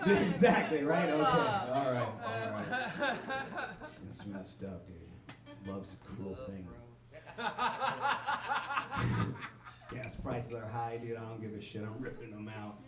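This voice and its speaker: A man's voice: mid-range voice, big pitch swings, slow pace, pauses often. A male stand-up comedian rambling through a profane, laughing set and talking to the crowd. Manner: talks to the crowd. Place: comedy club stage. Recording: echoey room recorded from a distance.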